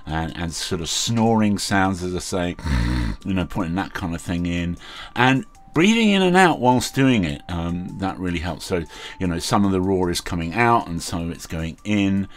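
A man's voice: sits low, expressive, normal speed. A man hosting a casual how-to tutorial, talking in a rambling, chatty way with many fillers. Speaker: video host.

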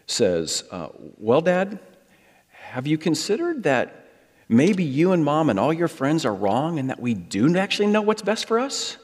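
A middle-aged American man preaching a sermon, storytelling and acting out the voices he quotes. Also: on the low side. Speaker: pastor. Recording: long hall reverb.

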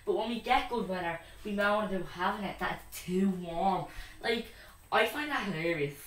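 A man's voice: sits high, moderate pace, fairly bright tone. A young Irish man chatting casually in a vlog, telling rambling, giggly stories from his room. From Ireland. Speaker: vlogger. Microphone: laptop mic from a distance. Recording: echoey room, far from the mic.

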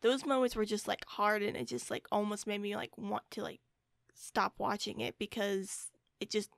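A young woman co-hosting a casual podcast chat, speaking haltingly with many fillers. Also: medium pitch, fairly even intonation, vocal fry, no echo, clean studio sound. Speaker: podcast co-host.

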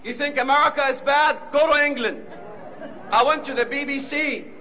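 A man giving an impassioned speech, emphatic and repetitive, now and then rising to shouts. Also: extremely high pitch, moderate pace, a faint crowd, a little hiss or hum, low-quality recording. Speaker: speaker.

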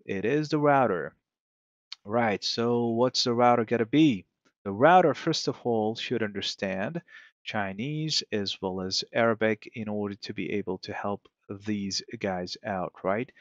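A man's voice: lowish voice, no echo, dull audio. A man teaching a networking lesson in a conversational way, often asking rhetorical questions. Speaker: networking instructor. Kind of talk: screen-recorded tech lesson.

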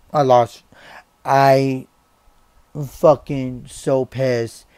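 A young man vents his anger in a slow, halting rant, swearing and circling back over the same words. His voice is clear and smooth. It sounds close and dry, with no room around it. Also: medium pitch, darkish tone, dry recording. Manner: swearing, halting, repeats himself. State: angry and upset. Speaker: vlogger. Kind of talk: angry rant to camera.

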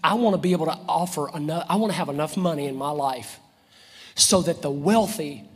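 A preacher delivers a fervent live sermon in a high voice, stacking repeated phrases and sinking to hushed whispers for effect. His voice rings out with a long reverb through the church hall. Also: a little fast, slightly rough. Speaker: pastor.

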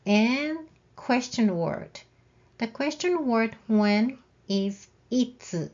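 Slow, patient woman teaching a lesson. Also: fairly high pitch, expressive, darkish tone, highs cut off. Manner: patient, measured, spells out example sentences. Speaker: Japanese language teacher. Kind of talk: slow, careful lesson explanation.

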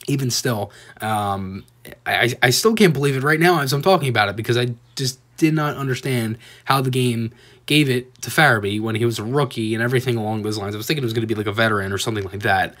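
A young man casually narrating a voiceover over his own video game clips, rambling and excitable with lots of fillers and restarts. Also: mid-range voice. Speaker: gaming video creator.

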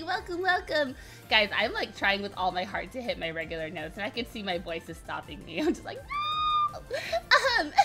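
A woman streamer chatting with her viewers, still getting over a cold, her voice cracking now and then, bubbly and giggly as she greets people one by one. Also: very high-pitched. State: recovering from illness, voice cracking. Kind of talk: casual live-stream chat with viewers.

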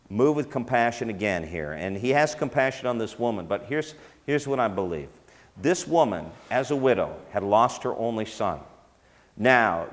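A man teaching in sermon style, talking conversationally with fillers and restarts. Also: fairly low pitch. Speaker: teacher of a ministry school. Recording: long hall reverb.

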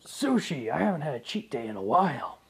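A man's voice: a little high, big pitch swings, a little fast, vocal fry, noisy background. A man voicing a sheepish young male hero who mutters nervously to himself, in a fan-made story. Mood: musing.

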